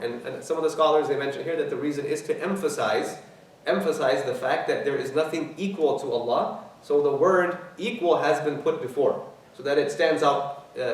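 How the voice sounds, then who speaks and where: A man lectures as an imam, walking through the meaning of scripture and leaning on repeated key words. He talks fast and recites passages rapidly. His voice comes from a distance across a very reverberant hall with faint noise behind it. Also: medium pitch. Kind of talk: tafsir lecture. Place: mosque hall. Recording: very echoey hall, mic at a distance.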